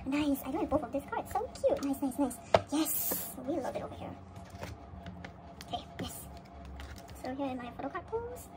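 A woman vlogger chatting casually through an unboxing and breaking into excited high squeals. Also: normal speed, long pauses, very noisy.

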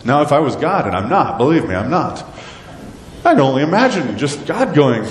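Animated preacher in an echoing church. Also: male voice, on the low side, fairly quick, slight background noise. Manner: animated, asks the congregation rhetorical questions. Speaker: pastor. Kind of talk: sermon. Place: church sanctuary. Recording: echoey church hall with long reverb.

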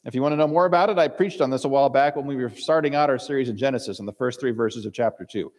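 A man's voice: mid-range voice, racing, darkish tone, long reverb tail. A male pastor giving a sermon, reading scripture aloud and acting out the characters' lines in dramatic voices.

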